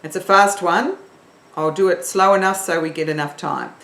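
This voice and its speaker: A woman singing teacher leading an online warm-up, encouraging and counting in her learners. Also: fairly low pitch, moderate pace, vocal fry, reverberant.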